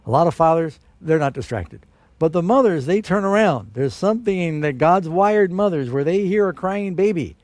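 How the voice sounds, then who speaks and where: A man preaching a sermon, telling a Bible story in an animated way with strong rises for emphasis. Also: a little high, normal speed, no room sound.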